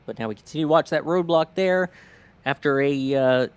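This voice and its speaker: A man's voice: a little high, a little fast, clean tone, no echo. Joking man. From New Jersey, US. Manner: joking, self-mocking. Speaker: livestream co-host. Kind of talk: casual live commentary.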